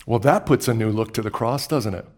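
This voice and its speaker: This sermon comes from a male pastor with a medium-pitched voice who alternates hushed, unhurried lines with loud bursts of excitement. Repetition of words serves as his tool for emphasis.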